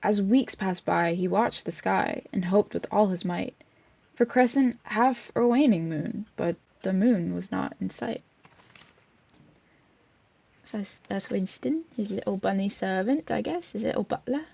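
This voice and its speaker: A woman's voice: medium pitch, moderate pace, creaky, mellow. A woman vlogger reading a picture book aloud, with chatty asides and fillers between pages. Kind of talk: casual read-aloud with commentary. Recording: dull lo-fi recording.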